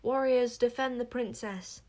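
A woman's voice: fairly high pitch, steady tone, measured pace, darkish tone, pitched above the performer's own voice, natural voice. A woman voicing a stern, angry queen scolding her daughter in a storybook reading. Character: stern, furious queen mother.

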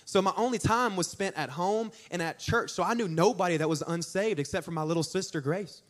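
High-voiced young preacher. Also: male voice, a little fast. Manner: animated, jokey storytelling with audience asides. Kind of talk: storytelling sermon.

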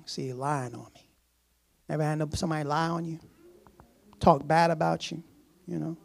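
A man preaching a sermon in a casual, conversational way, repeating phrases and chuckling softly. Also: on the high side, fairly even intonation, moderate pace, creaky.

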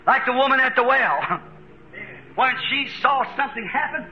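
An American man preaching a fervent sermon, chuckling between lines and rising to shouts. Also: extremely high pitch, lively intonation, normal speed, highs cut off, slight background noise. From United States.

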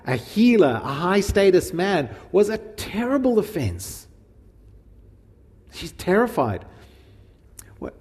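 A male preacher gives a relaxed, chatty Bible teaching and throws questions out to his listeners. His delivery swings widely in pitch, and his voice trails off into a long hall reverb. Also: husky. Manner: animated, informal, asks the audience questions. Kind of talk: conversational Bible teaching sermon.

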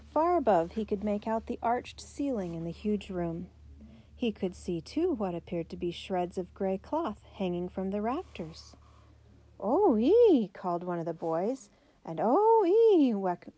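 Woman reading a storybook aloud, mellow. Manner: reads characters' lines with raised pitch and emphasis. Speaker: narrator.

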